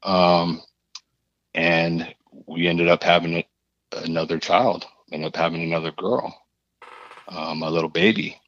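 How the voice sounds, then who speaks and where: A man, a podcast guest, telling a personal story in a halting, earnest way, often repeating his phrases. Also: low-pitched, flat delivery, fairly bright tone, no room sound, highs cut off.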